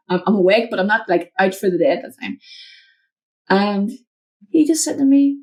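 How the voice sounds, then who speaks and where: A woman mentor, a guest in an interview, telling a personal story from her home office over a video call, acting out the voices in it. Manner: animated, acts out quotes with big pitch jumps.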